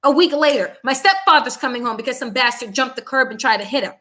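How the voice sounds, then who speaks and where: Heated high-voiced woman commentary host. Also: quick pace, sharp tone. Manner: heated, blunt, repeating herself for emphasis. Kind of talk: angry political commentary monologue.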